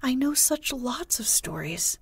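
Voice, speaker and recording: Slow, hushed storybook girl, proper and spirited, read by a woman in a breathy near-whisper. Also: a little high, expressive, dry recording. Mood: pleading. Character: Wendy, brave proper young girl.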